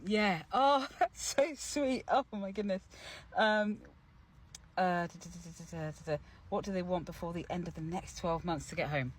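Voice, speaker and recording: A young man, an actor and playwright, talking casually through his character's creation in an animated, chatty way, with many fillers and restarts. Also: sits high.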